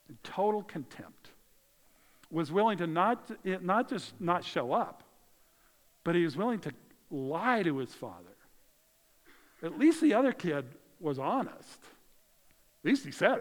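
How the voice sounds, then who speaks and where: A man preaching a sermon in a conversational way, swinging between loud emphasis and hushed moments, in a church. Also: high-pitched, very animated, measured pace, long pauses. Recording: long hall reverb.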